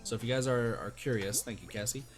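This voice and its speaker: A man's voice: mid-range voice, quick pace, music in the background. A man casually chatting to his viewers while streaming a video game, rambling and thanking chat by name. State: hiccups.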